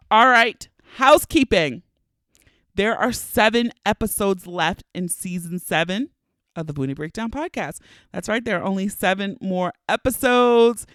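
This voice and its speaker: A woman's voice: on the low side, gravelly, clean tone, no echo. A woman in her thirties hosting her own podcast, chatty and playful, a little stuffy from allergies, talking close to the mic. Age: 30s. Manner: chatty, playful and animated, laughing often. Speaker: podcast host. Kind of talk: casual podcast monologue.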